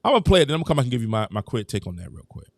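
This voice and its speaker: Animated man hosting a sports live stream. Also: medium pitch, rapid-fire, creaky, dry recording, studio quality. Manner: animated, emphatic, thanks viewers, talks straight to chat. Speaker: host.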